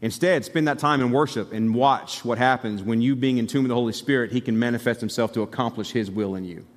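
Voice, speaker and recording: A male pastor from Alabama delivers a sermon in a mid-pitched voice. He preaches conversationally but emphatically and turns to the congregation with asides. The sound carries the long reverb of a church sanctuary. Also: fast talker.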